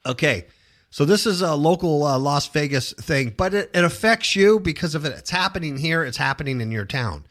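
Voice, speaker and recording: Animated, jokey man host. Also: a little high, brisk. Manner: animated, jokey, puts on mocking voices. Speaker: podcast host. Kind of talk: casual talk-show banter.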